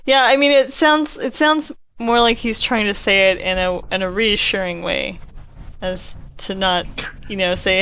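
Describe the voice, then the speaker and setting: A woman's voice: mid-range voice, fairly even intonation, unhurried, a bit bright. A woman co-hosting a casual book podcast, blunt with dry humor, laughing often. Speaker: podcast co-host. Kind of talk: casual chat, book critique.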